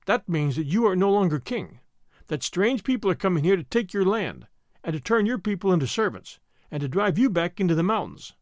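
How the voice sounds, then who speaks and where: A man reading the part of a calm, wry companion who speaks soothingly. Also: sits high, brisk, no room sound, studio quality.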